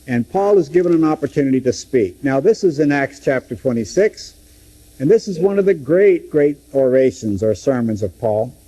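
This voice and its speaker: A man's voice: medium pitch, animated, moderate pace, mellow, rough recording. A man teaching through a Bible book, dramatically acting out the quoted speeches. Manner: dramatic, acts out scripture quotes.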